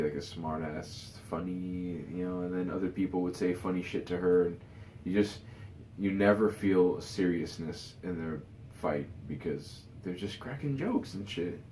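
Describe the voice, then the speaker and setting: A man's voice: sits low, measured pace, warm tone, echoey room, slight background noise. A tired man giving his casual opinions in a rambling vlog, full of fillers and restarts. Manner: rambling, many "you know" fillers and restarts. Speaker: vlogger.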